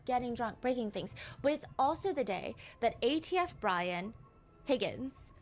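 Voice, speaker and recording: A woman's voice: high voice, lively intonation, a little slow, faint music behind. A woman hosting a reaction video, casually recapping a true-crime case and acting out quoted texts. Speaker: reaction channel host.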